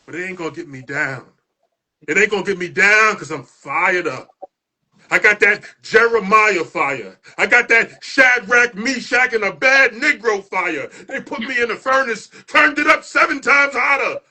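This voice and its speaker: A man hosting a poetry show, delivering dramatic spoken-word poetry that builds into shouts. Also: sits high, expressive, normal speed. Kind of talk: performance poetry recital.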